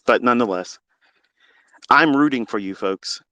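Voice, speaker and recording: A man's voice: mid-range voice, moderate pace, bright, forceful tone, dry recording. A man speaking into a phone, giving a fervent, preachy monologue as a trading mentor, blunt and swearing freely. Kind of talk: impassioned monologue on a live audio stream.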